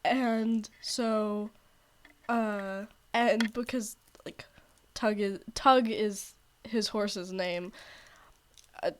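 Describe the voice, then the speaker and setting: A woman's voice: medium pitch, fairly even intonation, drawn-out words. A young woman streamer with a scratchy throat, rambling as she retells a story to friends. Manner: rambling, full of "like" and restarts.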